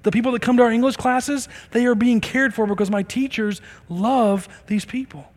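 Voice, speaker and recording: Male pastor, middle-aged, high voice, earnest conversational sermon, echoing hall. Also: steady tone, normal speed, darkish tone. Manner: earnest, conversational preaching with acted-out dialogue.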